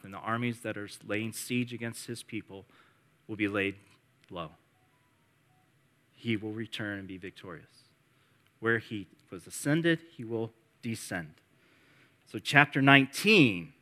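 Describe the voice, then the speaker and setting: A male pastor delivering a sermon with a bright, forceful tone. He reads scripture with swelling emphasis, then drops to a hushed voice in prayer. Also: medium pitch. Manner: reads scripture with rising emphasis, prays softly.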